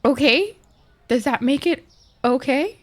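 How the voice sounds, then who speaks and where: A woman's voice: high-pitched, lively intonation, a little slow. A woman streamer chatting casually and swearing a lot while playing a game and talking to her chat. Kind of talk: casual gaming livestream chat.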